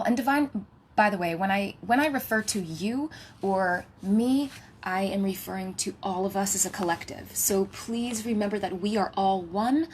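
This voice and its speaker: A woman and spiritual healer giving a channeled message. She talks in a reverent, litany-like way, slips into a hushed whisper at times, and adds playful asides. She is recording at home. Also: mid-range voice, slight background noise.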